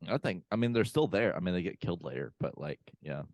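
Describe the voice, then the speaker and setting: A man with a very low voice casually retells a movie for his podcast co-hosts, leaning on fillers and quoting characters. The sound is dry and close to the mic. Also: expressive, fast talker, darkish tone, no room sound, dull audio. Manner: rambling recap with many fillers and quoted lines. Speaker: podcast co-host. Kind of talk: casual movie recap chat. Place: home room, remote call.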